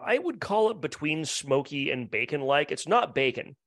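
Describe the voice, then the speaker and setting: A man's voice: a little high, big pitch swings, normal speed, fairly bright tone, no room sound. A man co-hosting a casual beer-tasting podcast, wry and facetious, often restarting his sentences. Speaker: podcast co-host.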